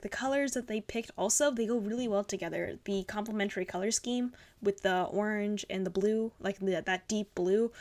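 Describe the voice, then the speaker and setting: A young woman hosting a casual art review, gushing and rambling with lots of fillers. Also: mid-range voice. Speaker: art channel host. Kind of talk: casual art critique commentary.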